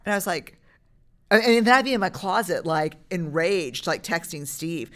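A woman's voice: fairly low pitch, lively intonation, moderate pace, fairly bright tone. A woman in her forties talking casually as a podcast guest, animatedly acting out what she would say to a child. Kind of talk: casual parenting chat.

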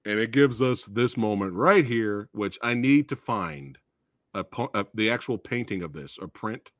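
A man hosting a podcast, excitedly chatting about films, swearing often and acting out favorite movie lines. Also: fairly low pitch, normal speed, no echo, studio quality. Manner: excitable, profane, acts out movie quotes. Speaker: podcast host. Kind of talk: casual movie chat.

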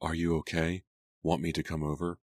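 A man voicing a worried teenage girl who talks softly and scolds her best friend in an audiobook. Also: flat delivery, brisk, no echo, studio quality. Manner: soft and low, scolding.

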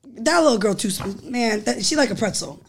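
A woman's voice: a little high, expressive, vocal fry, a little hiss or hum. A woman guest on a podcast interview, brash and profane in casual banter. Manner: brash, fast-talking, profane. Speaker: reality TV star and producer guest.

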